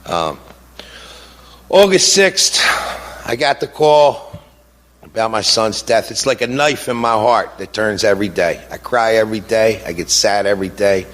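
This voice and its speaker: A middle-aged man speaking as a grieving father in an impassioned speech, halting with fillers at times and indignant at others. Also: fairly low pitch, fairly bright tone. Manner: indignant, rising to heated outbursts. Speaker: grieving father giving a talk.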